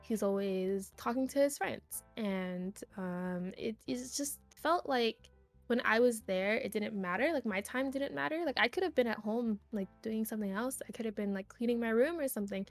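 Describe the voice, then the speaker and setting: Faint music sits behind this young streamer, a guest on a podcast, as she spins a rambling personal tale packed with "like." She speaks at a normal pace in a voice on the high side, retelling it with animation in a casual storytelling way.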